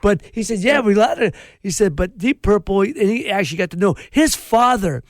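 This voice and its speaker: A man's voice: high voice, animated, fairly quick, no room sound, clean studio sound. A middle-aged man hosting a casual interview chat, rambling and repeating himself with eager interjections. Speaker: host.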